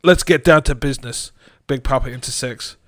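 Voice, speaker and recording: A man's voice: medium pitch, normal speed, a bit bright, no echo. Laughing man reading a comic story. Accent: Australian. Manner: reads with frequent laughter breaking through. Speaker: storytelling podcast host.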